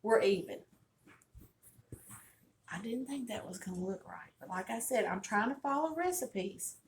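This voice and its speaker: A middle-aged woman with a Southern drawl chats folksily as she cooks in her home kitchen, wandering into little stories as she goes. Her voice sits at an ordinary middle pitch, picked up by a camera on the counter, with a faint hiss behind it. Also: expressive, a little slow. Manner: folksy, chatty, storytelling. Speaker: cooking channel host. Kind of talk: casual cooking demonstration.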